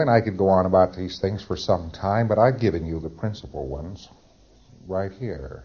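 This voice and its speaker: A man with a fairly low voice delivers a lecture, explaining procedure step by step and slipping into acted-out exchanges. The tape is dull and lo-fi, with the upper frequencies muffled. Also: a little mellow, breathy edge. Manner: explanatory, acts out dialogues. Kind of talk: recorded lecture.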